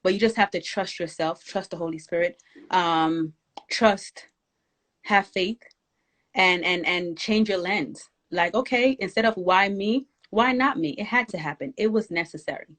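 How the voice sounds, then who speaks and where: A woman's voice: fairly low pitch, moderate pace, a bit bright. Emphatic woman, rousing encouragement. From Jamaica. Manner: emphatic, encouraging, preacher-like exhortation. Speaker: guest, author. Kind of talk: inspirational conversation.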